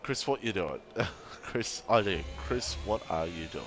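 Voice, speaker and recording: A man's voice: fairly low pitch, lively intonation, unhurried, a bit bright, soft background music. A young man commentating a sim racing league stream, chatty and laughing as he banters with chat and co-hosts. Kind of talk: casual live stream commentary.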